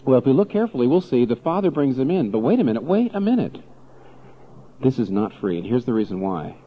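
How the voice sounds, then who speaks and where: A man preaching a sermon as pastor, animated and full of rhetorical questions. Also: medium pitch, fast talker, breathy edge, muffled recording.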